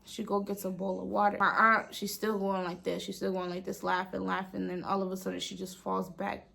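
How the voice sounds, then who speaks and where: A woman's voice: mid-range voice, little pitch movement, brisk, vocal fry, bright, forceful tone. A woman vlogger telling a storytime tale in a casual way, dropping "like" often and half-whispering at times. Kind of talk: storytime vlog.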